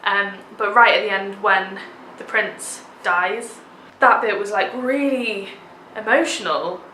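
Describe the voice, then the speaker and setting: Young woman vlogger raving about a show, bright voice, lots of likes, roomy echo. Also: mid-range voice, slow, slight background noise. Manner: gushing, enthusiastic, many filler "like"s. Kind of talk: casual theatre review vlog.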